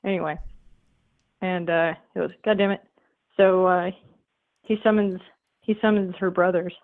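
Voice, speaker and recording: Over a tinny telephone line, a woman calls in to a comedy show and rambles through a retold fable, full of fillers and casual swearing. Her voice is on the low side, with fairly even intonation and a moderate pace.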